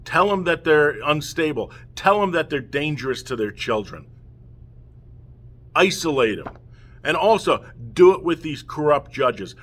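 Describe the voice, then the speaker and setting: A middle-aged man rants to the camera in a heated, emotional outpouring. His voice sits at an ordinary pitch but comes out forceful and tense. He keeps pressing his point and asking "okay?". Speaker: father speaking out against family courts. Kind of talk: impassioned direct-to-camera rant.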